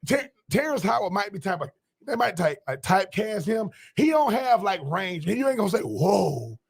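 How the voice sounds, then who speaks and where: Gravelly Southern man, lively storyteller. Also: sits high, brisk. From American South. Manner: animated storyteller, acting out quotes. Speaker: co-host. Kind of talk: casual sports talk show banter.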